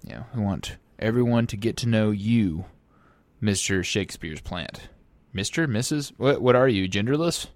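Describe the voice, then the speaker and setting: Playful stammering podcast host. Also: male voice, lowish voice, expressive, moderate pace, no echo. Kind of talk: casual comedy podcast chat.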